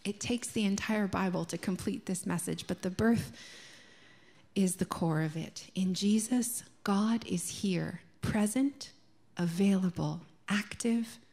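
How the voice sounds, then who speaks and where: Slow, soft-spoken Canadian woman preaching. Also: medium pitch, gravelly. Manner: slow, gentle and reflective, dropping to a soft near-whisper on key words. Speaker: minister. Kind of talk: sermon. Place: church sanctuary.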